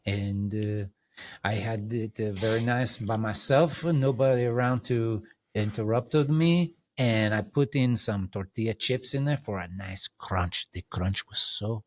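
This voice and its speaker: A man's voice: on the low side, measured pace, natural voice. A man putting on a playful Italian accent as a jolly fellow savoring his lunch. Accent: put-on Italian.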